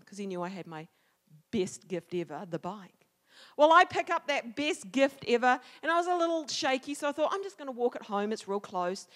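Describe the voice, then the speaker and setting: A woman with a fairly high voice shares a personal story during a church service. She is an animated storyteller who acts out the shouts and the quoted words of the people in it. Her voice carries through a reverberant church sanctuary. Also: moderate pace. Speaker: church speaker. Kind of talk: storytelling sermon. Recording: long hall reverb.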